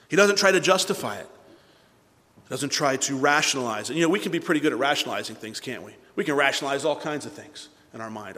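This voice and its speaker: A male pastor preaching a sermon, animated, swinging between loud bursts and hushed asides. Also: mid-range voice, fast talker, big-room sound.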